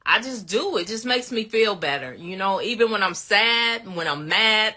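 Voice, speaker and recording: A woman's voice: medium pitch, sing-song, unhurried, pushed and bright, breathy edge. A woman hosting a casual livestream, greeting viewers by name and laughing often as she answers their questions. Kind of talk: casual live chat.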